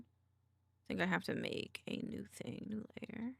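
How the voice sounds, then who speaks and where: A woman's voice: mid-range voice, big pitch swings, a little slow, vocal fry, a little mellow, breathy edge, no room sound, studio quality. A woman streamer chatting casually while she draws, murmuring half to herself and making little sound effects.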